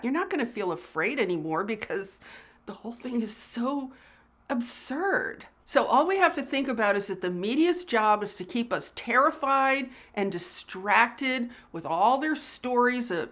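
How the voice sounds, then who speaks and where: Earnest woman vlogger, slightly high voice. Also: a bit bright. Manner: earnest, emphatic, repeats phrases for emphasis. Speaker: spiritual channel host. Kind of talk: casual direct-to-camera talk.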